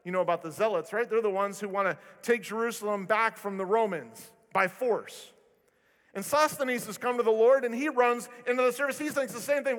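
A male preacher with a notably high voice telling stories in an animated sermon, joking at his own expense. His voice rings out with a long reverb from a large church hall. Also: a little fast. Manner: animated storytelling with self-deprecating humor. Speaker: pastor. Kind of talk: sermon with storytelling.

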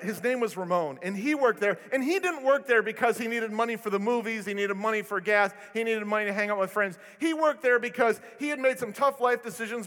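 A male pastor preaching a sermon, telling stories with animated delivery and self-deprecating humor. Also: high voice. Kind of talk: sermon with storytelling. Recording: long reverb of a large hall.

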